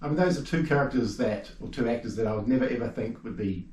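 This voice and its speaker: A man's voice: mid-range voice, fast, a little mellow, slight background noise. A man hosting an interview, asking questions in an easygoing way with short, agreeing replies. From New Zealand. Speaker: host. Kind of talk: casual interview chat. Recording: roomy sound from a distant mic.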